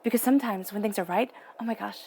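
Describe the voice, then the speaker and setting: A woman's voice: mid-range voice, fast talker, gravelly, mellow, a little hiss or hum. A young adult woman giving an emotional, earnest tarot reading, sometimes dropping to a near-whisper. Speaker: tarot reader.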